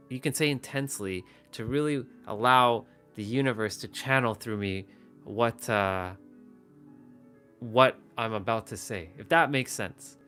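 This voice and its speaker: Speaking straight into a phone or webcam, this livestream host talks casually, wandering off topic and restarting often. His medium-pitched voice sounds smooth with a fairly bright tone.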